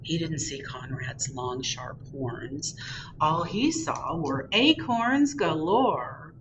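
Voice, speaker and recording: A woman librarian reading a picture book aloud to children, expressive and drawn out. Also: deep voice, slow, recorded from a distance, dull audio, slight background noise.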